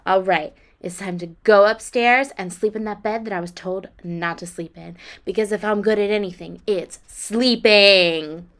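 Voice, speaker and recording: A woman's voice: medium pitch, normal speed, hardly any pauses. A woman casually narrating a life-sim game with playful, sarcastic jokes. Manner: gets loud and excited. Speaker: let's play creator.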